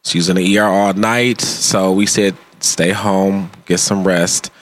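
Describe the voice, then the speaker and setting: Podcast host, male, lower pitch, upbeat and chatty, laughs often. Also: fairly even intonation, measured pace. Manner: upbeat, laughs often, reads out plugs and addresses. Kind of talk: casual podcast chat.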